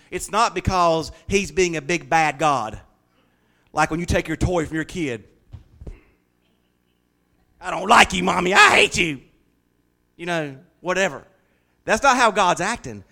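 A man preaching a sermon as pastor, swinging from loud, rising declarations to hushed, confiding stories. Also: high-pitched.

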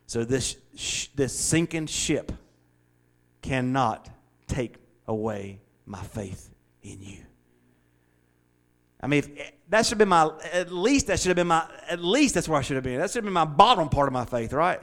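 A man preaching a sermon in an emphatic style, repeating phrases for effect and rising to loud, high excitement. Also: moderate pace. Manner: builds to loud high-pitched excitement at times.

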